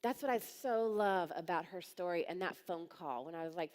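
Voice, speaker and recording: A woman's voice: mid-range voice, animated, moderate pace. Blunt woman speaking in a reverberant hall. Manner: blunt, direct storytelling, acting out quoted voices. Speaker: coaching business speaker. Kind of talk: live conference talk. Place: large conference hall.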